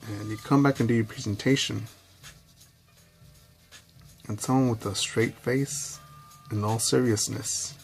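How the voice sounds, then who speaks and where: A man giving a rambling, candid personal monologue to camera, swearing at times and slipping into quick impressions of others. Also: fairly low pitch, steady tone, creaky, soft background music. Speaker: vlogger.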